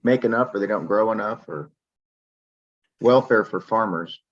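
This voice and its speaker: A man's voice: on the low side, normal speed. A man chatting on a group video call who argues his opinions and tells stories about friends. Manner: opinionated, storytelling, argumentative. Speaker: regular participant. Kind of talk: casual group video chat. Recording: dull, lo-fi video call audio.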